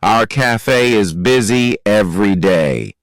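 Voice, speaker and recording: A man narrates a graded reader story at a very slow, deliberate pace, every word clearly shaped. His voice is smooth and resonant, and the recording is dry and close, with no room around it. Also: fairly low pitch, lively intonation, no room sound, poor audio. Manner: slow, careful, clearly articulated reading. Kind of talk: slow scripted narration for learners.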